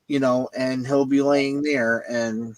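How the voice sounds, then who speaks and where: A man's voice: medium pitch, level tone, slow, a little mellow, dry recording, poor audio. A man hosting a casual video chat, rambling and repeating his words. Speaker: host. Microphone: video call.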